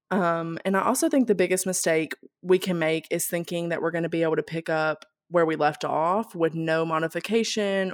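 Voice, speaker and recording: A woman co-hosting a podcast, giving calm, practical advice in a casual chat. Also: deep voice, no echo, clean studio sound. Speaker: podcast co-host.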